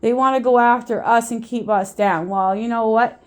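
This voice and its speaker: A woman talks straight to her phone at home in a loose vlog monologue. Her voice sits a little high, and she rambles with feeling, often doubling back to repeat a word. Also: steady tone, normal speed. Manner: rambling and impassioned, repeats words. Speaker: vlogger and mother.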